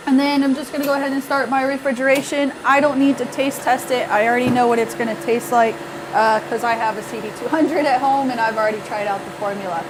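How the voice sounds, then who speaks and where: A woman's voice: fairly high pitch, fairly even intonation, fast talker, noisy background. A woman demonstrating at a seminar, confident and matter-of-fact. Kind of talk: demonstration talk.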